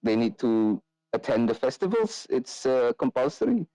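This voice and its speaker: A man's voice: mid-range voice, big pitch swings, normal speed, mellow, no room sound, poor audio. A man narrating as game master, hesitating often with fillers and restarts.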